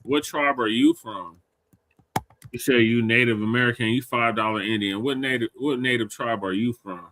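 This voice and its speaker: A man co-hosts a live-stream debate, blunt and mocking as he argues back. His tone is sharp and forceful, with a dry, close sound. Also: mid-range voice, fairly even intonation, normal speed, no room sound. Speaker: co-host.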